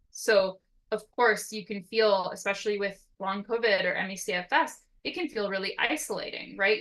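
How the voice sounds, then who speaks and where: A woman with a bright, forceful voice gives an educational talk as a therapist. Her intonation rises and falls freely as she explains step by step. She keeps checking in with her listeners with a quick "right?". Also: medium pitch, low-quality recording. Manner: lively up-and-down intonation. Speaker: occupational therapist.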